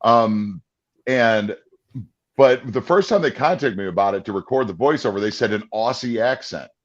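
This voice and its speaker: Man, low voice, rambling movie chat, muffled lo-fi recording. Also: expressive, normal speed. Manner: rambling, restarts often, chuckles between points. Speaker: podcast co-host and voice-over performer. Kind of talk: casual movie discussion.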